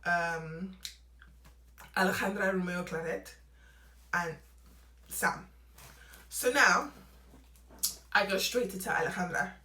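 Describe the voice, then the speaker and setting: Bright animated young woman telling a story. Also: on the low side. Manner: animated, laughing, acts out quotes. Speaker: vlogger. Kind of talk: casual storytime narration. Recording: roomy echo, away from mic.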